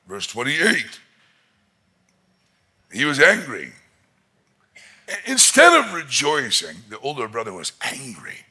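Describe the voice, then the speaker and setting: A man preaching a sermon as pastor, expressive and emphatic, rising to loud peaks. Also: medium pitch, slow pace, pauses often, husky.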